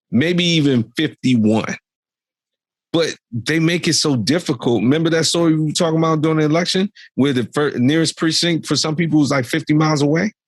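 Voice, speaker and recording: A man's voice: a little high, husky, dry recording. A young adult man co-hosting a podcast, ranting animatedly about politics in exasperated casual commentary. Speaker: podcast co-host.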